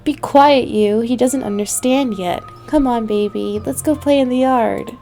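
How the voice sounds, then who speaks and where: A woman voicing a young girl in a game who gently protects her baby brother. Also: fairly high pitch, a little slow, faint music behind. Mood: caring. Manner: scolding, caring.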